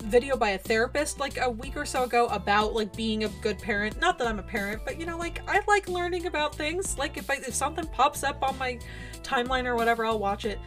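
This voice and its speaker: A woman's voice: sits high, quick pace, fairly bright tone, faint music behind. A young adult woman streamer, ranting outspokenly and swearing while commenting on a game. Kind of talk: casual gameplay commentary and ranting.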